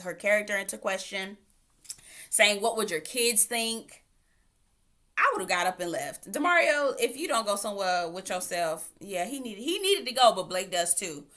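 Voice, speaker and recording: A woman's voice: medium pitch, sharp tone. A woman giving a casual, opinionated recap of a reality dating show, with sassy asides. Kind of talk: casual recap and commentary vlog.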